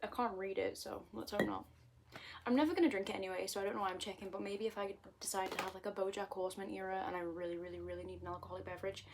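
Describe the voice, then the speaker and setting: British girl in her 20s just rambling at her ipad, chatty, makes fun of herself, mid-pitched voice. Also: steady tone, very fast, noisy background. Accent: British English. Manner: rambling, self-mocking, jumps between topics. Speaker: vlogger. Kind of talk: casual chatty monologue.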